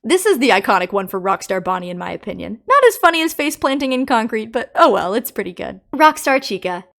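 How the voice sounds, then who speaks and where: An animated woman talks through game voice lines in a casual, opinionated, playful way. Her voice sits somewhat high and swings up and down lively. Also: quick pace, creaky. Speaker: game theory YouTuber. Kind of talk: casual video commentary.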